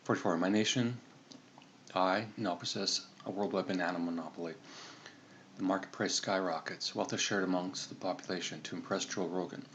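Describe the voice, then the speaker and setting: A man telling a comedic story in a deadpan, matter-of-fact way, sometimes correcting himself. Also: sits low, normal speed, a little hiss or hum. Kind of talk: comedic monologue narration.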